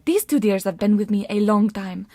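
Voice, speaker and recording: A woman's voice: medium pitch, normal speed, dark tone, dry recording, close to an everyday voice. Woman voicing a sneering sorceress. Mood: gloating. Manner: sneering and condescending. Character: haughty scheming sorceress woman, mocking.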